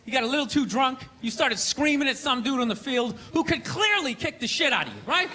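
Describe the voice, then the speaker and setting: A man doing a stand-up comedy set on a theater stage, ranting and mocking with loud shouted bursts. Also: extremely high pitch, big pitch swings, fairly quick. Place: theater stage with live audience. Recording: live show with crowd noise.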